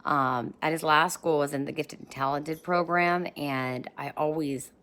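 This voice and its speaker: A woman's voice: low voice, steady tone, measured pace, fairly bright tone. A woman in her thirties talking casually and encouragingly into a handheld phone, bubbly and chatty with rambling asides. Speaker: vlogger. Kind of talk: casual motivational talk to camera.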